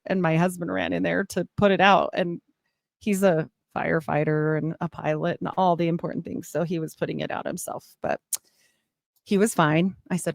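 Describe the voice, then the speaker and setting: A middle-aged woman giving a personal testimony as a guest, rambling and animated, with laughs and asides. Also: lowish voice, moderate pace, gravelly, no echo, clean studio sound.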